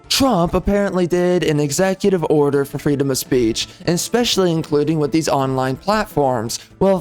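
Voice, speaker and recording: A man's voice: fairly high pitch, a little mellow. A man on a gaming commentary channel, ranting in a slightly raised voice. He hammers the same insults over and over in an angry tirade, with faint music running underneath.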